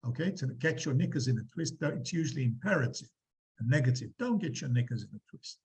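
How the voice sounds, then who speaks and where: A man lecturing a university class, explaining examples with animated emphasis and quizzing students. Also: mid-range voice, fast, low-quality recording. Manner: lively, quizzing students, acting out quotes.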